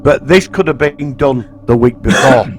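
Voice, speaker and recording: A man, co-hosting a casual podcast chat, blunt and opinionated and quick to swear. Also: medium pitch. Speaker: podcast co-host.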